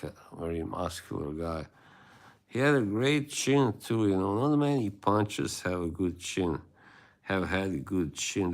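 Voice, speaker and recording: Man, very low voice, unhurried, rambling livestream chat, laughs a lot. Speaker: livestream host. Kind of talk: casual chat with viewers.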